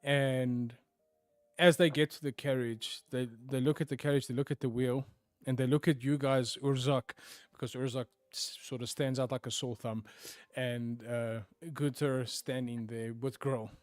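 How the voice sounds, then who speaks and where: A man narrating a tabletop game as game master, often sinking to hushed tones for dramatic moments. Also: medium pitch, little pitch movement, moderate pace, no room sound, studio quality, soft background music.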